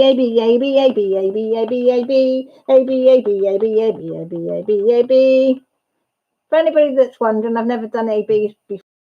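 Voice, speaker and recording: A woman hosting a casual chat livestream, excitable, laughing and greeting viewers by name. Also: high-pitched. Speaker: livestream host. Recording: dull lo-fi livestream sound.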